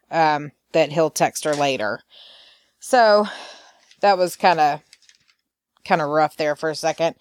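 A woman's voice: low-pitched, clear, resonant tone, no echo, clean studio sound. A woman hosting a podcast, recapping soap opera scenes in a chatty way, full of fillers and quoted lines. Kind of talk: casual recap chat.

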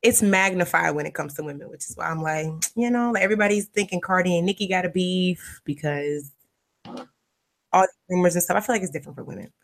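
A woman co-hosting a podcast, telling stories in an animated, casual way with laughter. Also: fairly low pitch, a little fast, creaky. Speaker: podcast co-host. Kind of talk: casual chat.

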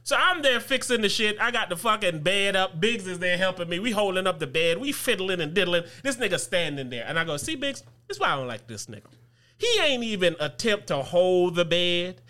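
A man co-hosting a podcast, telling an animated, profane story in casual chat and laughing often. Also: high voice, moderate pace, hardly any pauses. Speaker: podcast co-host.

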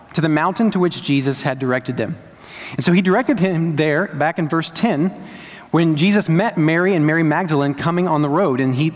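Man, young adult, preaching pastor, conversational sermon, high-ish voice, long church reverb. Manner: conversational storytelling preacher, lively asides.

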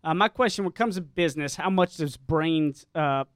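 A man's voice: fairly high pitch, normal speed, no room sound, clean studio sound. A man with a rural American accent, hosting a casual chat and telling rambling stories with lots of restarts. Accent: rural American Southern. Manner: self-described redneck drawl, rambling storyteller. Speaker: podcast host.

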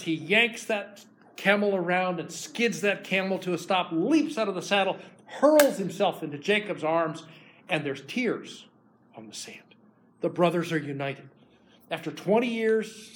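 Male preacher, slightly higher voice, casual storytelling sermon, voices the characters. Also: fairly bright tone, slight background noise, rough recording. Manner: retells scripture casually, acting out voices with restarts.

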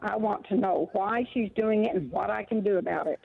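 A woman's voice: medium pitch, a little fast, gravelly, breathy edge. A woman calling in to a radio show, polite and a little hesitant as she asks her question. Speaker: caller. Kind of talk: phone-in question. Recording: tinny phone line.

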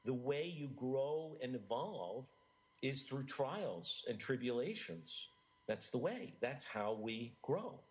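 A middle-aged American man gives an eager interview in a voice of ordinary pitch for a man. He is earnest and animated, often restarting his sentences as he pushes his ideas forward. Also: slow pace, poor audio. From United States. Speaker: author and interview guest. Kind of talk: enthusiastic interview talk.

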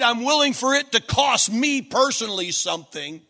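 A man preaching a sermon, emphatic and building stacked, repeated phrases, sometimes rising to a shout. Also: very high voice, expressive, moderate pace, hardly any pauses.

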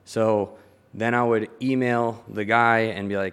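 A young man from Maryland, a tailor and guest, telling animated stories in casual chat, swearing and laughing often. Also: on the low side, a little slow, clean tone.

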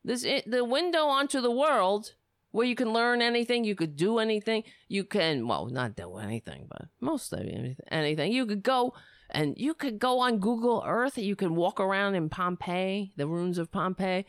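A woman's voice: mid-range voice, expressive, normal speed, no room sound, studio quality. A woman hosting a political commentary show, delivering a profane, sarcastic, angry rant.

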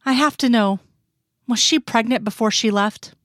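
A brooding, troubled middle-aged male agent, as a woman reads his lines in a storybook reading, speaking quietly and gravely. The recording is dry and close, with no room sound. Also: fairly high pitch, normal speed, dry recording, natural voice. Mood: pained.

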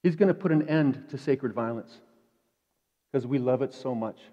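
A man preaching a sermon in a conversational way, dropping to quiet asides and rising to emphatic peaks. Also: mid-range voice, normal speed. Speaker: pastor. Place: church sanctuary. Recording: dull echoey church hall.

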